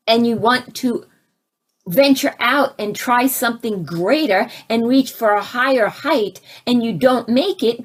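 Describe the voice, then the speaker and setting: A woman giving a conversational spiritual talk, asking her listeners questions and turning animated as she acts out her own reactions. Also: husky. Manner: animated, rising to high exclaims when acting out her own reactions; conversational, asks the audience questions. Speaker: spiritual teacher.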